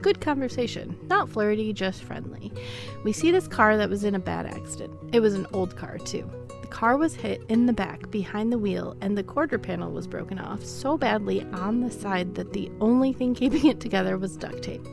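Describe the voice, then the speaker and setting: A woman's voice: medium pitch, expressive, normal speed, vocal fry, music in the background. A woman co-hosting a podcast, reading listener stories aloud in a casual chat and laughing often. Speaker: podcast co-host.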